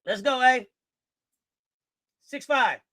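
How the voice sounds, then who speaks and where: Woman host for a sports watch-along stream, high-pitched, loud and slangy as she cheers on the players. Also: expressive, extremely slow. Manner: hyped, slangy, shouts at players. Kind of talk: live game watch-along commentary.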